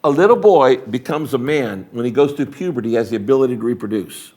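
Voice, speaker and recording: An older man talks with a pastor's conviction, pressing his points hard and slipping into acted-out exchanges with imagined neighbors. His voice sits at an ordinary middle pitch, and he speaks conversationally but with a preacher's rhythm and emphasis. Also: fast talker. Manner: emphatic, animated storytelling with acted dialogue. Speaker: retiring megachurch pastor, interview guest.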